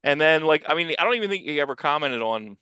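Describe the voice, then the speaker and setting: A man co-hosts a comics podcast in loose, profane, rambling chat and acts out the people he quotes. His voice is bright and forceful. It sits dry and close to the mic. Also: fairly high pitch, lively intonation, quick pace, clear, resonant tone, dry recording, highs cut off. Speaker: podcast co-host and producer.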